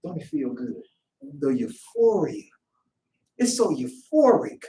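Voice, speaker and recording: A man preaching a sermon in casual, conversational speech, lively as he acts out voices. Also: a little high, slow. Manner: animated, acts out quoted voices. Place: worship hall. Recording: echoey room, voice from far off.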